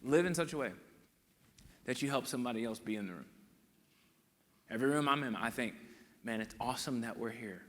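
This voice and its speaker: A man giving a live motivational talk, telling stories and acting out what people said in an animated way. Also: medium pitch, a little fast, pauses often. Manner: animated storyteller acting out quotes. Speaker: motivational speaker. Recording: echoey hall sound.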